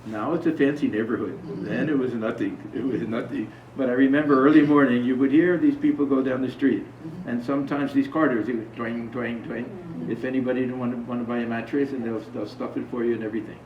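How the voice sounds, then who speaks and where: This medium-pitched man talks quickly with fairly even intonation and few pauses, amid slight background noise. His talk is a casual spiritual one for a small group, mixing stories with questions to the listeners. The sound is distant, dull and echoey.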